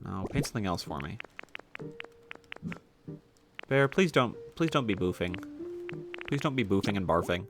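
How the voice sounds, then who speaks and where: A man's voice: on the low side, expressive, fairly quick, music in the background. A man chatting casually while live-streaming a game from his home desk, rambling and joking and swearing often.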